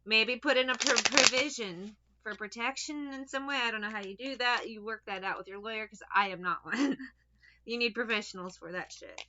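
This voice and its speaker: A woman's voice: a little high, normal speed, background noise. A woman giving a casual tarot reading. She talks in a chatty, blunt way, swears now and then, and gives direct advice. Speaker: tarot reader. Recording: dull lo-fi recording.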